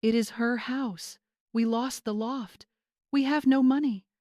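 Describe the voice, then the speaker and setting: A woman's voice: on the high side, fairly even intonation, unhurried, a little mellow, dry recording, clean studio sound, pitched above the performer's own voice, lightly acted. A woman voicing a grown son whose voice cracks with tears as he finally admits the truth. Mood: anguished. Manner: voice cracking, emotional. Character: broken tearful grown son.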